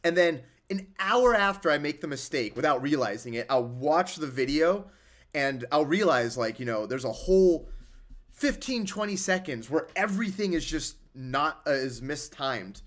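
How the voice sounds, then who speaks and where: A man's voice: a little high, animated, moderate pace, a bit bright. A young man hosting a casual livestream, rambling and sarcastic as he answers chat. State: injured hand. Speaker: livestream host.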